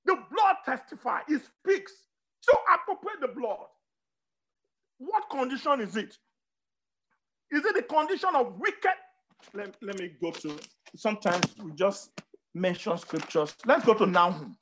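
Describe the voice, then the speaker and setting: A preacher giving a sermon, repeating words and phrases emphatically, with sudden swings of pitch and loudness. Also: big pitch swings, unhurried, long pauses.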